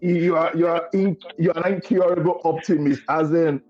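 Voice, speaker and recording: A man's voice: fairly high pitch, fairly even intonation, moderate pace, darkish tone, highs cut off, soft background music. A man hosting a podcast interview, encouraging his guest with short affirmations. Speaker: podcast host.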